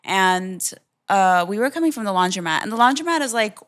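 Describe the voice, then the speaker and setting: A woman's voice: medium pitch, fairly quick. A young woman tells a story on a casual podcast, her voice sitting in an ordinary middle register. She rambles in a loose, chatty way, tossing in "like" and "literally" all the time. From from a Russian family. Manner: animated storytelling, many fillers like "like" and "literally". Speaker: podcast co-host. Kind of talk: casual chat.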